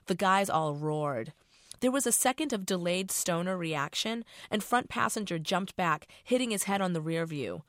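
Middle-aged woman author, low voice, casual profane narration, dry close mic. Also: expressive, normal speed, a bit bright, no echo. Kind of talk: reading her novel aloud.

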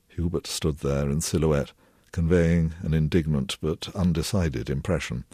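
A novelist reading a passage of his own fiction aloud in a measured, low-key way. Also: steady tone, mellow, breathy edge, no room sound, clean studio sound. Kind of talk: literary reading.

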